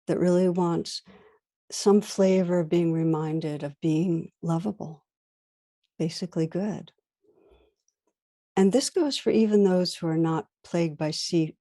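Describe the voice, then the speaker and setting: A woman meditation teacher giving a gentle, reflective dharma talk, weaving in stories. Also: low voice, no echo.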